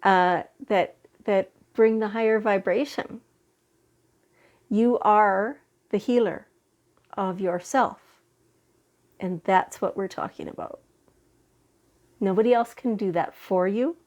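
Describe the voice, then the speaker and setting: A woman giving a weekly spiritual card reading in a gentle, reassuring way, getting over a head cold. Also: medium pitch. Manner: slow, gentle, reassuring with fillers and restarts. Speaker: tarot and oracle card reader.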